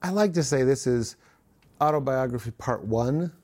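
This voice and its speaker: Man, co-host, casual chat, mid pitch, small restarts. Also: lively intonation, normal speed, darkish tone.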